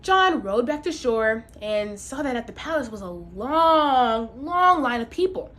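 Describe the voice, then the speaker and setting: Animated woman storyteller. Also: fairly high pitch, a little slow. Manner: animated, playful asides. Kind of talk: live storytelling.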